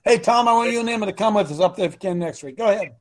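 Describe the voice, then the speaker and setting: A man's voice: sits high, racing. A man in his sixties hosting a call-in talk show, folksy and preachy, acting out the voices he quotes. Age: 60s. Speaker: radio show host.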